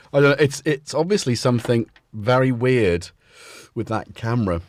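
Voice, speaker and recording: Rambling man, chatty livestream host. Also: medium pitch. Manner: rambling and chatty, laughs often. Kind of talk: casual livestream chat.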